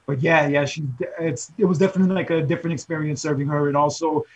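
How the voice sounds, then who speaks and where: A man co-hosting a podcast, chatting casually about wrestling in a quick, joking way. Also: a little high, fairly even intonation, slightly rough. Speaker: podcast co-host. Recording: dull, muffled lo-fi sound.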